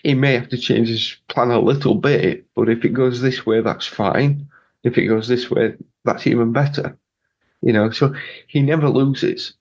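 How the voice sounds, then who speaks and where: A man's voice: medium pitch, fairly even intonation, moderate pace, darkish tone. Rambling male podcast co-host, lo-fi sound. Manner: rambling, many restarts. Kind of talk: casual podcast chat. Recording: dull lo-fi mic.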